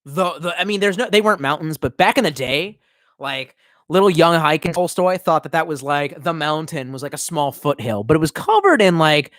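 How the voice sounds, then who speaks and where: A man's voice: fairly high pitch, lively intonation, moderate pace, a bit bright, dry recording. A young man streaming, telling a long rambling story in casual, profane talk.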